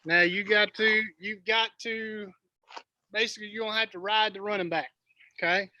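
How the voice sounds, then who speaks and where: A man's voice: high voice, steady tone, normal speed, bright, forceful tone, lo-fi sound, slight background noise. A man coaching quarterbacks in a virtual session, explaining plays and correcting himself. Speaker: football coach.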